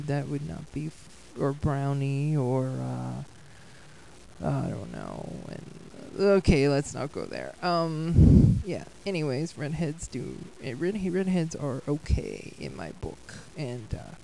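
Woman playing a laid-back male cartoon cat, slow and rambling, lowered voice. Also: animated, gravelly, warm tone, slight background noise, exaggerated voice, low-quality recording. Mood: easygoing. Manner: rambling, halting, chuckling. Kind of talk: fan-made cartoon voice acting.

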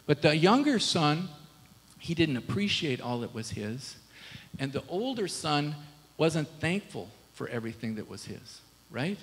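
A man's voice: on the high side, sing-song, a little slow, husky, long reverb tail, rough recording. A male pastor preaching a sermon in a casual, conversational way, often asking the congregation rhetorical questions. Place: church sanctuary.

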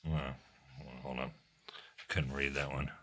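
Deep-voiced man, profane and joking. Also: level tone, slow pace, noisy background. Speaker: player. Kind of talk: casual tabletop game chat.

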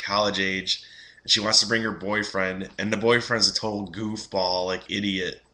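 A man's voice: fairly low pitch, sharp tone. A young man giving a casual, rambling film review, full of fillers and restarts.

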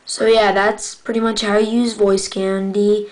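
A woman hosts a casual tutorial showing an app, rambling and correcting herself while calling her viewers "guys." Her medium-pitched voice is flat and a little slow, and the recording is rough.

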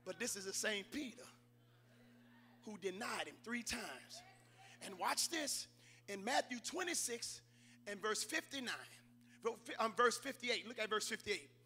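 A man preaching a sermon, calling on the congregation and rising to shouted climaxes. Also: high voice, animated, a little slow, long pauses, slight background noise. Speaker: pastor. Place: church sanctuary.

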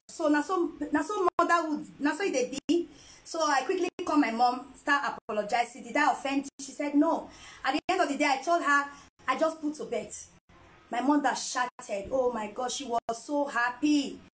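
High-voiced woman, playful and laughing. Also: moderate pace, a bit bright, poor audio. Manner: playful, laughs often, teasing. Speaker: vlogger and mother. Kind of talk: casual chat to camera.

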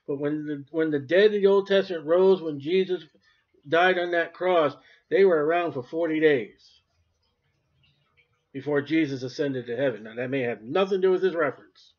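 Emphatic high-voiced man preaching. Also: moderate pace. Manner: emphatic, swings between loud and quiet. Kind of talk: sermon. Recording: dull lo-fi recording.

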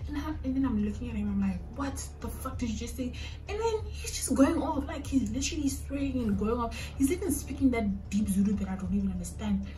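A woman's voice: on the high side, fast talker, recorded from a distance, soft background music, poor audio. A woman in her twenties with a South African accent, telling a personal story casually, switching languages and acting out what people said. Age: 20s. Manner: animated, acts out quotes. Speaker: storytime vlogger. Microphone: phone camera.

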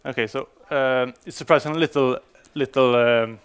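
A man's voice: medium pitch, steady tone, moderate pace, clear, resonant tone. A man giving a conference talk to developers, speaking English as a non-native speaker, with frequent fillers and restarts. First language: Swedish. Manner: hesitant, many fillers and restarts.

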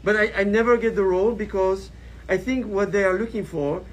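A man's voice: sits high, fairly quick, low-quality recording. A man answering as a panel guest, hesitant and full of fillers. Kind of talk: casual panel Q&A.

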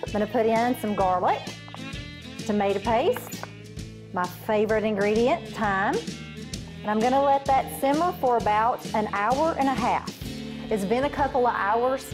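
A woman's voice: on the high side, normal speed. Woman, guest cook, enthusiastic step-by-step demo, music behind. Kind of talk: cooking demonstration.

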